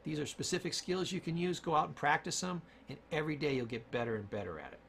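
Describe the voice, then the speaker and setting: A man's voice: on the high side, fast talker, vocal fry, fairly bright tone, a little hiss or hum. A man giving an emphatic motivational lesson on self-talk and word choice, repeating key points for stress. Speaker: communication coach.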